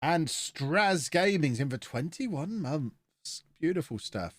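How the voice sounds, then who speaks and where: A man's voice: fairly high pitch, lively intonation, takes it slowly, dry recording. A man with a blocked nose, chatting and joking through a live-streamed game commentary as he reacts to his chat.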